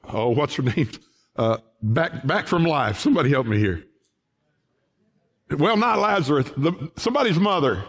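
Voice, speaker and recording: Man, pastor, sermon, emphatic, lively pitch, unhurried. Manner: folksy, emphatic preaching with rising outbursts. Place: church sanctuary.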